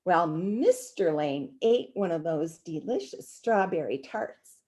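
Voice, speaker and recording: A woman reading a children's book aloud, expressive and animated as she speaks to young listeners. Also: lowish voice, takes it slowly. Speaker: storybook reader.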